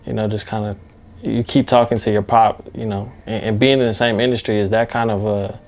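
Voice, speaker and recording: Male interviewer, lowish voice, relaxed and hesitant. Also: brisk. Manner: laid-back, hesitant with fillers. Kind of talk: casual interview questions.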